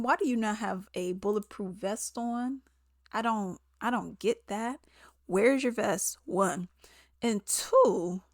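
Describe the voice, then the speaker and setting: A woman, casually recapping a movie, animated and exasperated, acting out the characters' lines. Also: on the high side, no echo, clean studio sound. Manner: chatty and animated, acts out characters' lines in quotes; exasperated, sarcastic asides. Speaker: movie reviewer.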